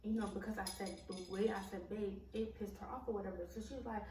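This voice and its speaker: A woman's voice: mid-range voice, fairly even intonation, fast. A young woman telling a personal story in a casual vlog, blunt and full of swearing, with many "like" and "um" fillers. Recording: roomy echo, mic at a distance, faint background noise.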